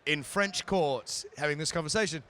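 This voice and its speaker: A man from New Zealand with a New Zealand accent, an actor chatting playfully in a live interview, joking and often pausing with fillers. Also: on the high side, fairly bright tone, smooth. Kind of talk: casual chat at a live event.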